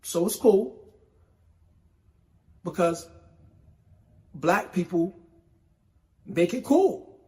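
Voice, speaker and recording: A man from New York City hosting a solo hip hop show, with a New York accent, talking slowly and emphatically in casual commentary. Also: high-pitched, lively intonation, dark tone. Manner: slow, emphatic, conversational with repetition. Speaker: podcast host.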